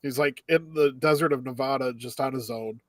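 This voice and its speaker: A man's voice: medium pitch, fairly quick, no echo. A man co-hosting a podcast, recapping anime episodes in casual chat and laughing often as he goes. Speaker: podcast co-host.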